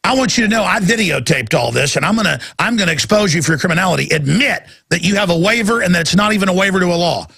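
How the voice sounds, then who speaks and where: A man hosting a call-in radio talk show, ranting fiercely and breaking into shouts. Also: sits high, expressive, quick pace, few pauses. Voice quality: gravelly, husky. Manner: fiery, ranting, bursts into shouting.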